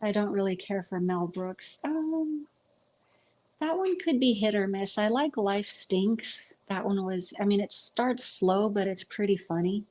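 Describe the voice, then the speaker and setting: A woman's voice: medium pitch, moderate pace, few pauses, a little mellow. Rambling woman chatting on a livestream. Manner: chatty, rambling, many ums. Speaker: livestream host. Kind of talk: casual livestream chat. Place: at home with pets.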